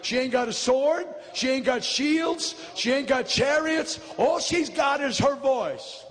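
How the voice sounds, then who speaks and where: Fiery revival preacher, male, very high voice, shouts in bursts, long reverb from a big church. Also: a little slow. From United States. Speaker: pastor. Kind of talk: revival sermon. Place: large church.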